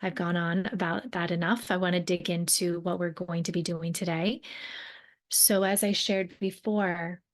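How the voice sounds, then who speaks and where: A young woman with a low-pitched voice hosts her own podcast in a reflective, earnest way. She talks conversationally, often rephrasing mid-sentence and adding fillers like "um" and "right?". The overall tone is that of a mentor speaking directly to listeners. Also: flat delivery, normal speed. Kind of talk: reflective solo podcast talk.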